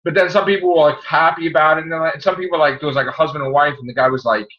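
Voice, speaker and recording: Animated man, podcast host, lo-fi. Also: on the high side, rapid-fire. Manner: animated storyteller, acts out quoted people. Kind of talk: casual podcast chat. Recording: muffled lo-fi audio.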